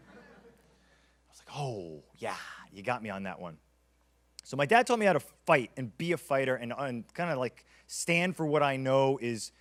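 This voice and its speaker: A man giving a conference keynote, energetic and storytelling, acting out quotes as he goes. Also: mid-range voice. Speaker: keynote speaker.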